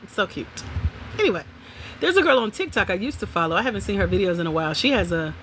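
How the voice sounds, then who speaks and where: A woman hosting a livestream from home, chatting casually with viewers in an animated way and laughing often. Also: mid-range voice, fast, a little hiss or hum. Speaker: livestream host.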